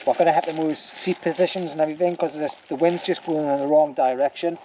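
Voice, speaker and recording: Chatty man with a mellow voice. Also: a little high, fairly even intonation, fast talker, a little hiss or hum. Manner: chatty and joking, with lots of "anyway" and "like". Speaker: bushcraft vlogger. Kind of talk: casual outdoor vlog narration. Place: woods outdoors by a campfire.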